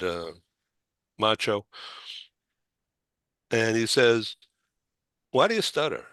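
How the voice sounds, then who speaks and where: An older man hosting a talk show, telling a personal story in a halting way, with stumbles, fillers and small laughs. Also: fairly low pitch, pushed and bright, no room sound. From Boston area.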